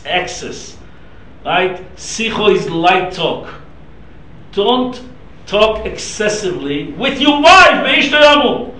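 High-voiced emphatic rabbi, echoey room. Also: male voice, sharp tone, distant mic. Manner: emphatic, storytelling, mixing Hebrew and Yiddish terms. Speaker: rabbi teaching a class. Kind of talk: Torah class lecture.

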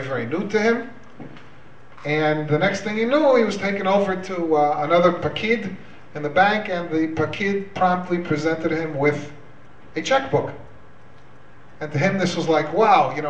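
A man's voice: a little high, normal speed, dull audio, slight background noise. A man hosting a live community evening, chatty and hesitant, mixing Hebrew words into his English. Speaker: event host and organizer. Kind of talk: live event talk with a joke. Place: hall at an evening community event. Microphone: handheld microphone, away from the recorder. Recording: echoey hall, voice from far off.

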